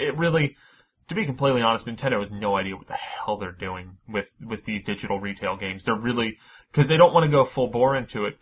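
A man's voice: lowish voice, a bit bright, breathy edge, muffled recording. A man hosting a casual gaming podcast, chatty and laughing often, swearing casually as he runs through news. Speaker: podcast host.

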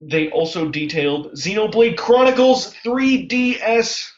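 A man's voice: high-pitched, animated, a little slow, roomy sound. A man co-hosting a casual gaming chat, laid-back and wry. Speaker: podcast co-host. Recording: dull lo-fi audio.

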